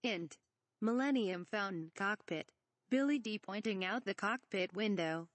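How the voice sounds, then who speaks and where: A woman's voice: mid-range voice, a little slow, no echo. A woman reading a parody script aloud, stage directions and all, saying "asterisk" for the bleeped words. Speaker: reader.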